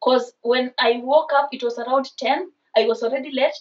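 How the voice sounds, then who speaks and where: Casting note: Kenyan woman in her twenties, high voice, lively storyteller, slightly distant dull recording. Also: moderate pace. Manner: animated, mixes in Swahili slang. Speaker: vlogger. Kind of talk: casual storytime.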